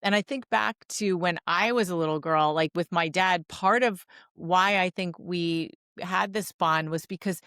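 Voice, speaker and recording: A woman's voice: fairly low pitch, measured pace, few pauses, no room sound, studio quality. A woman guest on a podcast interview, talking in an earnest way and acting out quoted lines in her stories. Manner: earnest and warm with light laughs, acts out quoted lines. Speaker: podcast guest, divorce strategist. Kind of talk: conversational interview.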